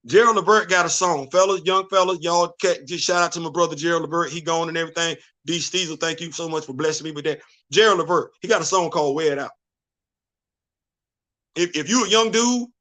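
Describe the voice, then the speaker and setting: A man's voice: sits high, sharp tone. A middle-aged man hosting a casual livestream, talking in loose slang, stammering through repeated restarts and breaking into bits of song. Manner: repetitive, stammering restarts, sings snatches of songs. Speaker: host. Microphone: streaming setup.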